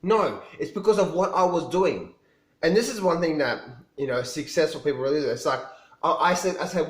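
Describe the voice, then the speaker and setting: A man's voice: fairly high pitch, animated, brisk. Rambling man in an echoey room. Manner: rambling, with frequent restarts and repeats. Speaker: vlogger telling his own story. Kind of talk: casual personal storytelling to camera.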